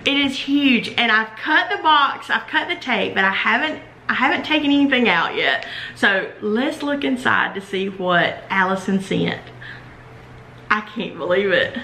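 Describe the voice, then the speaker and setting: A woman's voice: fairly high pitch, echoey room, slight background noise. Gushing Southern woman unboxing mail. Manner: gushing, excitable, slow-spoken. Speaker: YouTuber opening fan mail. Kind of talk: casual unboxing vlog. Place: indoors at a table.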